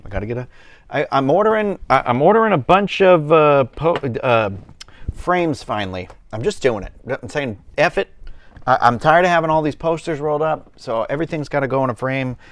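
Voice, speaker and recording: A man with a loose Southern US accent hosts a casual livestream from home, sipping a cocktail on camera. His voice is a little high, expressive, and fairly quick with no echo, and his chat rambles, full of fillers and restarts.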